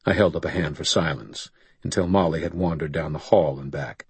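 A man narrating a first-person audiobook in a dry, gruff, matter-of-fact way. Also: a bass voice, fairly quick, a little mellow, no room sound.

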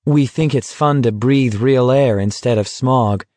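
Guy reading as a stubborn small town young dude, short flat answers, dry sound. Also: mid-range voice, a little slow, dry recording, lightly acted. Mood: terse.

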